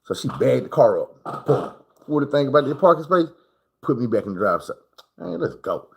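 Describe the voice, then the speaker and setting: A man's voice: medium pitch, big pitch swings, brisk, creaky, a little hiss or hum. A man telling a rambling, slangy personal story on a livestream, full of swearing and acted-out moments.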